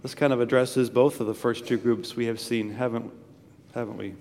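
A man's voice: medium pitch, steady tone, moderate pace, a little mellow, long reverb tail. A man preaching a sermon in a church, earnest and emphatic, repeating phrases for stress. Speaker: pastor.

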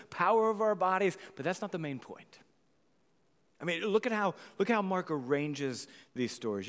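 A man preaching a sermon as pastor, animated, swinging from loud exclamations to hushed near-whispers. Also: medium pitch, long reverb tail.

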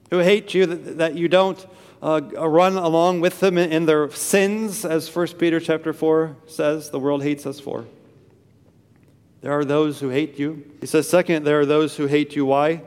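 A man delivers an earnest sermon and drives his points home by repeating phrases. His voice sits a little high for a man. The sound carries a long reverb, as in a large church. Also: fairly even intonation, normal speed, darkish tone, smooth. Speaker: pastor.

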